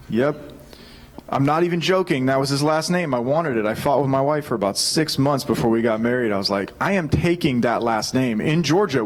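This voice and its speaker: Energetic man preaching a sermon. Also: fairly high pitch, slight background noise. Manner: energetic storytelling, animated and joking. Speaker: pastor.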